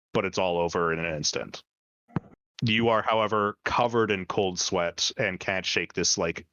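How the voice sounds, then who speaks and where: A man narrating as dungeon master of a tabletop game, descriptive and halting, with many fillers. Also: sits low, sharp tone, dry recording.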